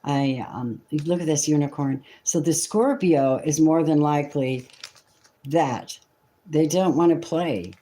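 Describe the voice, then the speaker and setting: A tarot reader on a live stream with a mellow, dark-toned voice, pitched in the middle of the range. The talk is chatty and emotional, with casual swearing and a near-tearful warmth as the cards turn over. It sounds close and plain on a desk mic. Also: unhurried.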